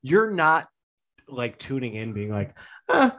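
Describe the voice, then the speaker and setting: A man's voice: mid-range voice, expressive, brisk. A man co-hosting a casual podcast, sarcastic and profane, teasing his partner. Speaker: podcast co-host. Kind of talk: casual chat.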